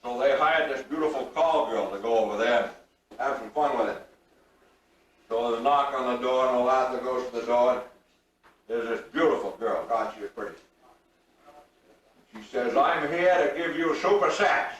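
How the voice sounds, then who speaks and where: A man's voice: mid-range voice, steady tone, moderate pace, pauses often, a little hiss or hum. An older man, telling folksy rural jokes to a reunion crowd in a drawling way and acting out the punchlines. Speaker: storyteller. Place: large room at a reunion. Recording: echoey room, recorded from far off.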